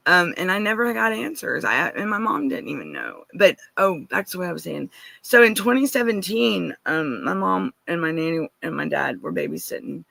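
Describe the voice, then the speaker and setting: Gravelly-voiced woman telling her story. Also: fairly low pitch, expressive, normal speed, a bit bright, no room sound. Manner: earnest, rambling with restarts, asks listeners directly. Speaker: guest. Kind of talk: emotional personal account.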